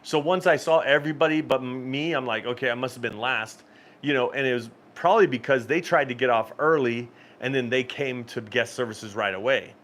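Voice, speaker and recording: Man, mid-pitch, easygoing live-stream host, rambles and laughs through stories. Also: fairly quick, few pauses, fairly bright tone. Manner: rambling storyteller, frequent laughs and restarts. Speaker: cruise channel host. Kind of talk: casual live-stream chat.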